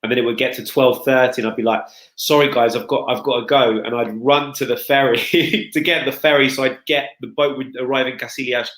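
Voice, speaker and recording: A man's voice: mid-range voice, steady tone, fairly quick, hardly any pauses, a bit bright, roomy sound, low-quality recording. A man speaking as a guest consultant in a casual chat, chatty, with frequent restarts and fillers.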